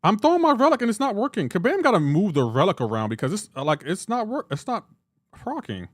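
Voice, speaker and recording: A young man live-streaming a mobile game, joking back and forth with his chat in a casual, animated way. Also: high voice, fast, no room sound, studio quality.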